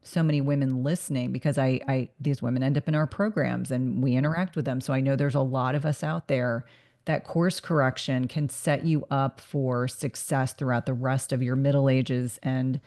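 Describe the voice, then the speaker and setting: A woman's voice: a bass voice, steady tone, moderate pace, mellow. A woman in middle age hosting a podcast interview, talking in an earnest, reflective way and sometimes repeating words as she thinks. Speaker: podcast host. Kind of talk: casual interview conversation.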